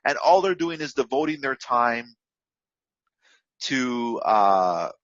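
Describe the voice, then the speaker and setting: A man's voice: medium pitch, lively intonation, slow, a bit bright, dry recording, highs cut off. A man giving an unscripted, direct coaching talk on trading discipline, full of fillers and restarts. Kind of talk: unscripted motivational lesson.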